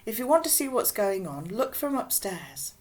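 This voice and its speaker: Female reader as a gentle storybook mum, coaxing. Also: mid-range voice, very animated, moderate pace, close to an everyday voice. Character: gentle mother of a boy.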